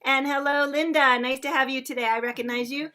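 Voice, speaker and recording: Female sing-along host, high and bright-toned, effusive livestream greeter. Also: fairly even intonation, brisk. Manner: effusive and chatty. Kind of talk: livestream welcome, greeting viewers by name. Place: indoors in a shared room with other singers.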